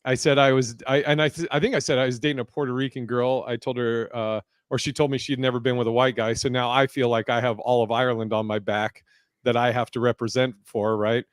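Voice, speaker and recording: A man in his thirties hosting a casual podcast, telling stand-up stories in a lively, swearing, laughing way. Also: mid-range voice, fast talker, clear, resonant tone, no room sound. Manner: animated storyteller, swears freely, laughs a lot. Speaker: podcast host and comedian. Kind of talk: casual podcast chat, storytelling.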